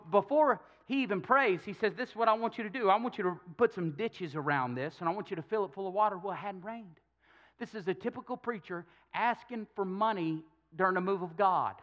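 A man's voice: high voice, brisk, a bit bright, muffled recording. A male pastor preaching a sermon, telling a Bible story with jokes and acted-out quotes. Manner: storytelling with humor, acting out quotes.

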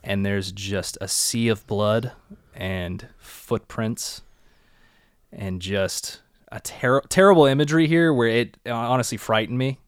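Young male co-host, relaxed recap chat, low and smooth, dry mic. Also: slow pace, no room sound. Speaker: podcast co-host.

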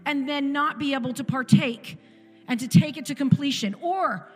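A woman in her forties preaches with emphatic, repeated phrases, her voice sitting somewhat high. She is heard in a long-echoing church hall, with quiet music behind her. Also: moderate pace. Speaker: guest speaker in a church service. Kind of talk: sermon testimony. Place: church sanctuary.

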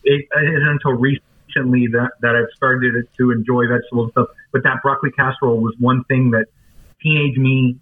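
Halting man on a tinny line. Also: mid-range voice, steady tone. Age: 30s. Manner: halting, earnest, stumbling restarts. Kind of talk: casual chat.

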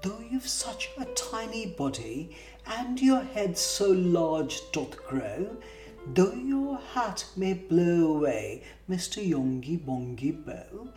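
A woman's voice: fairly low pitch, sing-song, slow, warm tone. A woman reading as the prim Lady Jingly. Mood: firmly kind. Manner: sing-song recited verse. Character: prim lady, kindly but firm in refusal. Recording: roomy distant mic with guitar music.

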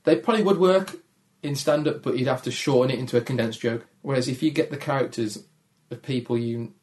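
List: man, Dudley accent, gravelly deep voice, shy low-energy manner, casual interview. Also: brisk, a little mellow. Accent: Dudley, Black Country. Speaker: comedian guest.

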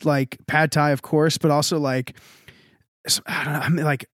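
A podcast co-host with a slightly raised voice who talks in loose, meandering bursts full of filler words. His takes are relaxed, friendly banter. The sound is dry and close to the mic. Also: a little high, normal speed, no room sound. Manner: rambling, filler-heavy storytelling with lots of "like". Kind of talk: casual chat.

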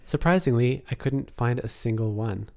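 A man's voice: medium pitch, moderate pace, vocal fry, darkish tone. A man co-hosting a casual chat about a film, talkative, laughing often and trailing off mid-sentence. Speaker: podcast co-host.

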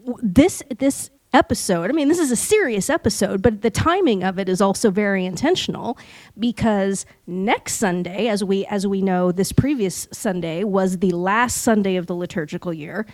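A woman's voice: medium pitch, moderate pace, a little mellow, no echo, low-quality recording. A woman co-hosting a podcast in casual chat, talking in a chatty way with many fillers. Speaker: podcast co-host.

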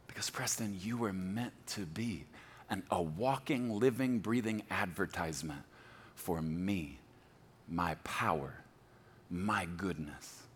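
A man's voice: deep voice, slow, big-room sound, a little hiss or hum. A man in his forties preaching a sermon as a pastor, telling stories with laughter and self-deprecating humor. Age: 40s.

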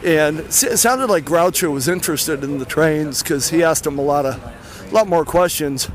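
A man's voice: fairly high pitch, normal speed, a little hiss or hum. Breathless man talking while walking. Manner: rambling, many fillers. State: a little out of breath. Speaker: podcast host. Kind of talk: casual spoken introduction. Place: outdoors near traffic.

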